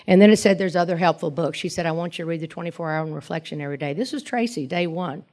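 A woman's voice: lowish voice, fast talker, darkish tone. An older woman, telling her personal recovery story to a group in a rambling, earnest way, often asking "okay?". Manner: rambling and earnest, frequent restarts, tags lines with "okay?". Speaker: recovery speaker.

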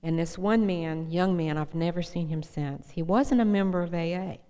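Low-voiced woman in a reverberant hall. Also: moderate pace, warm tone, clear, resonant tone. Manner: emotional, earnest storytelling. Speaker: speaker sharing her recovery story at a meeting. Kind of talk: personal testimony talk. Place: hall with a podium.

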